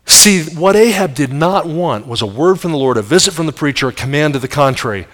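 A man's voice: on the high side, expressive, brisk, few pauses, a bit bright. A middle-aged man preaching a sermon, telling the story vividly and asking the audience rhetorical questions. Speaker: pastor. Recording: long reverb of large hall.

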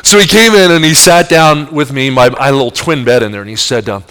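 A man's voice: mid-range voice, fast, hardly any pauses, a bit bright, clean tone. A man preaching a sermon, telling a story vividly, acting out the voices in it and asking his listeners questions. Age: adult. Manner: vivid storyteller who acts out quoted voices; talks straight to the audience with questions.

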